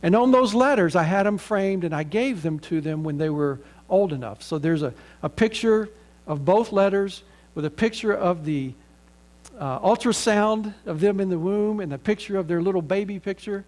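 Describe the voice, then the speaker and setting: A man's voice: sits high, moderate pace, a little mellow. A middle-aged man with a Southern American accent, an earnest pastor preaching a sermon and leading a prayer.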